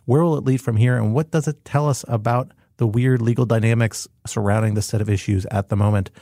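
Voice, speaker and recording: Guy hosting a podcast, gravelly voice, dry studio sound, jokey and playful. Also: mid-range voice, fairly even intonation, brisk, warm tone, no room sound. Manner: jokey, playful wordplay, laughs often. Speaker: podcast host. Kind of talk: casual podcast banter and topic intros.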